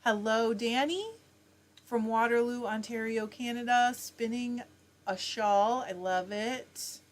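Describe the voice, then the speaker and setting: This livestream host has a voice on the high side and takes her time, reading viewers' comments out loud and replying chattily. It's a relaxed live chat broadcast from home during a fiber arts stream.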